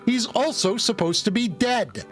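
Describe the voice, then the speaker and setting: A man's voice: extremely high pitch, expressive, unhurried, a bit bright. A male streamer giving casual, rambling commentary while playing a game. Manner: chatty, rambling asides. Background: game music.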